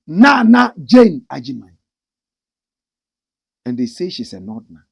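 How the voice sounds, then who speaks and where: An impassioned middle-aged man with a Ghanaian accent delivers opinion commentary as a show host. His voice sits a little high and has a gravelly edge. He swings his pitch widely, slipping into mimicry of the people he describes. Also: very animated, measured pace.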